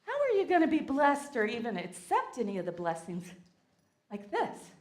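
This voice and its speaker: A woman with a Southern US accent delivers a lively, playful sermon, coaxing the congregation into call-and-response. Her voice sits a little high. The sound carries the echo of a church sanctuary. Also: normal speed. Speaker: guest speaker. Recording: echoey sanctuary.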